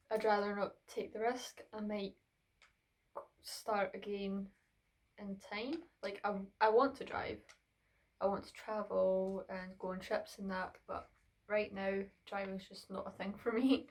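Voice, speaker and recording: A young woman, chatting through a Q and A vlog filmed on her phone in her bedroom, slightly out of breath. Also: mid-range voice. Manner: chatty, rambling, with fillers. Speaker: vlogger. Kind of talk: casual Q and A vlog.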